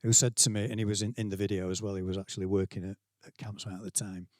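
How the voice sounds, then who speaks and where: With a lowish voice, flat delivery and fast pace, a middle-aged Yorkshireman and school leader delivers a conference keynote to staff. His stories are conversational and self-deprecating, with quotes acted out, captured cleanly in studio quality without echo.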